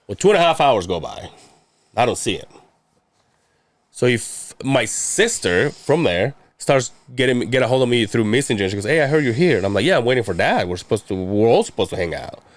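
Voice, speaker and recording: A man's voice: on the low side, no echo. Man, 30s, casual rambling storyteller, profane, does voices, dry recording. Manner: rambling, profane, quotes people in animated voices. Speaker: podcast guest telling a story.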